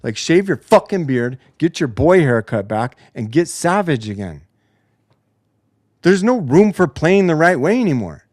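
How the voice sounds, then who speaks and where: A man's voice: a little high, big pitch swings, unhurried, darkish tone, dry recording, clean studio sound. A man hosting a post-game basketball show, ranting in a heated, profane way. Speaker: podcast host. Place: home basement studio.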